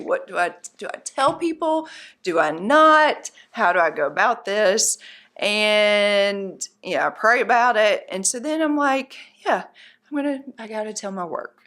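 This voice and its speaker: A woman's voice: fairly low pitch, a bit bright. A middle-aged woman, a guest, recounting her family's experience in a candid interview, earnest, practical and upbeat in how she talks. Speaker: guest, mother of a patient.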